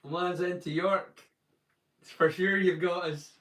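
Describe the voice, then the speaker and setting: A man's voice: high-pitched, steady tone, unhurried, a bit bright, reverberant, distant mic. A man with a northeast Scottish accent chatting casually with viewers on a live stream, jokey and greeting people by name. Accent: Scottish, northeast (Doric). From northeast Scotland. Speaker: livestream watchalong host.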